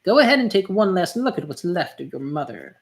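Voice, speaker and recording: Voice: mid-range voice, very animated, fairly quick, voice pushed up. A reader playing a smug male villain who mocks his captives, cocky and cruel. His lines drip with scorn, delivered in a plain read-aloud voice. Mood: sneering.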